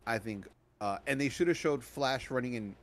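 A man's voice: medium pitch, animated, normal speed. A man talks through his take on a film in loose, casual podcast chat. He keeps stopping and restarting mid-thought, padding his sentences with ums and likes, in an ordinary mid-range voice. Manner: rambling, many restarts and fillers. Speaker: podcast co-host. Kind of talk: casual movie review chat.

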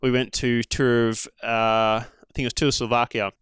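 A man's voice: medium pitch, level tone, normal speed, a bit bright, smooth, dry recording, clean studio sound. An Australian man, a former pro cyclist, telling stories in a rambling, casual way full of fillers and asides. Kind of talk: casual storytelling chat.

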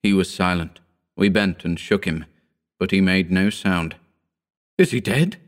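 A man narrating a horror story in a slow, grave, deliberate reading. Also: sits low, little pitch movement.

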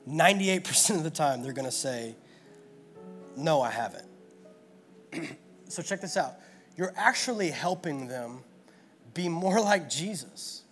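A man's voice: a little high, animated, measured pace, fairly bright tone, soft background music. A man preaching a sermon at a church gathering in an earnest, repetitive style full of rhetorical questions. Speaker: pastor.

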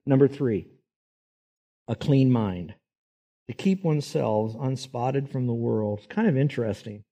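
A man's voice: mid-range voice, unhurried, dark tone. A man preaching a sermon, folksy and emphatic, posing rhetorical questions to his listeners. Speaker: pastor.

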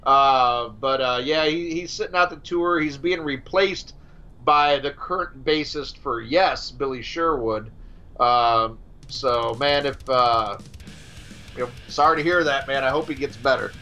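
A man co-hosting a podcast in casual chat, talking excitably with stammering restarts and plenty of swearing. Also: mid-range voice, measured pace, faint music behind. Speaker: podcast co-host.

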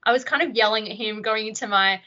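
A woman's voice: fairly high pitch, steady tone, quick pace, bright, forceful tone, lo-fi sound. A woman, a podcast guest, reflectively telling stories from her military service. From Australia. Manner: reflective storytelling. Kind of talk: podcast interview.

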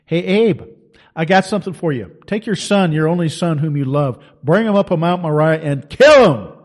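A male preacher voicing God giving blunt, casual orders in a loud, raised voice. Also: on the high side, animated, normal speed, close to an everyday voice. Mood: commanding.

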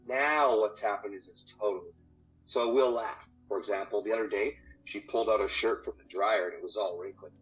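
On a podcast, a man who works as a marriage coach discusses marriage with casual energy, swearing often and repeating words. His voice sits on the low side, a bit bright, and brisk. Faint music plays under the dull, lo-fi recording.

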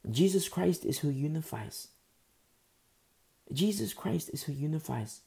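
A man preaching verse by verse, earnest and rambling, stumbling over hard names and pausing often because his throat is sore. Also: fairly high pitch, expressive, gravelly, mellow. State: sore throat, pauses to drink tea. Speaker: pastor. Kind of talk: verse-by-verse Bible teaching.

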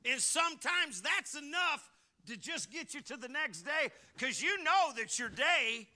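High bright pastor preaching. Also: male voice, measured pace. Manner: folksy, animated and joking, with repeated word restarts. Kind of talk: sermon.

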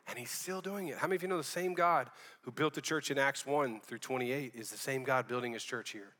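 A man's voice: medium pitch, a bit bright, big-room sound. A man preaching a sermon as pastor, fervent and conversational, dropping casual slang as he talks.

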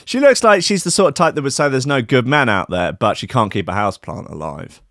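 A man's voice: medium pitch, expressive, a little fast, a bit bright, no echo, clean studio sound. A man telling a comic anecdote in a wry, rambling, sarcastic way. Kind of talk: comic storytelling monologue.

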